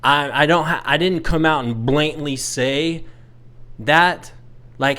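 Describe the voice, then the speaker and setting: A man in his thirties, exasperated and venting bluntly, with a slightly high voice. His tone is smooth and clear, with the odd curse word slipping in. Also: takes it slowly, pushed and bright. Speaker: vlogger. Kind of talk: casual storytelling rant.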